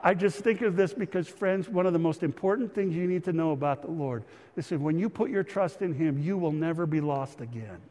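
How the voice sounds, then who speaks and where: A man's voice: on the high side, fairly quick, mellow. A middle-aged man preaching a sermon, telling a family story and calling the listeners friends. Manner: storytelling, acts out a child's voice in quotes, addresses listeners as friends. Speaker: pastor. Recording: reverberant church hall.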